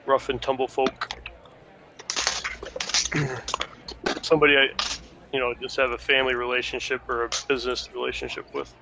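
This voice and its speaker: A man's voice: mid-range voice, flat delivery, moderate pace, vocal fry, long pauses, noisy background. A young man playing a tabletop game, speaking hesitantly as he describes his character's contact. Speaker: player. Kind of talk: casual tabletop game chat.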